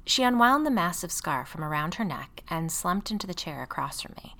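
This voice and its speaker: A woman reading a first-person story aloud in a wry, expressive way, casually profane. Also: lowish voice, brisk, few pauses. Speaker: audiobook narrator.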